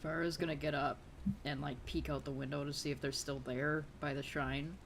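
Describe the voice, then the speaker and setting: A woman's voice: deep voice, vocal fry, a little hiss or hum. A woman playing a tabletop role-playing game, laughing often as she describes her character. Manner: laughs often, slow relaxed talk. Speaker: player.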